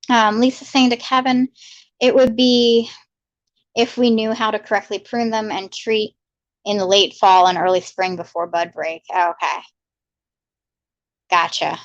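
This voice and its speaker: A livestream host speaks at a measured pace with long pauses, her medium-pitched voice holding a steady tone. Broadcasting casually from home in Maryland, she greets viewers cheerfully and reads their comments out loud over slightly muffled, dry, lo-fi audio.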